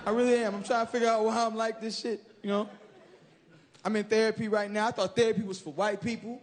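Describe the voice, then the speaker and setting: A man performing a stand-up comedy set on stage, loud and animated, jumping into high yelling voices. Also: quick pace. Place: stage in front of a live audience. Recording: loud crowd laughter and room noise.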